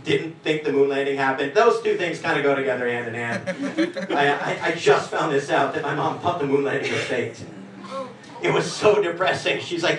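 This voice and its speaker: A man of forty works a comedy club stage with a wry, self-mocking delivery, slipping into the voices of the people he talks about. His voice sits high for a man. The sound is roomy and distant, with a crowd laughing loudly behind him. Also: normal speed. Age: 40s. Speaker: stand-up comedian. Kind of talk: stand-up comedy set.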